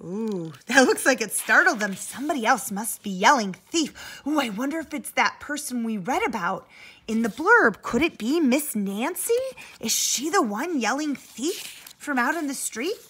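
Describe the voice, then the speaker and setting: A woman teacher reading a children's book aloud in an animated way, stopping to ask her listeners questions. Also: sits high, normal speed, slight background noise.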